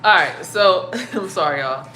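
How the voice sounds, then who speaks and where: A young woman telling a story to her viewers in a casual, profane and animated way, acting out her own startled reactions. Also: on the low side, a little slow, slight background noise. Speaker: spiritual vlogger.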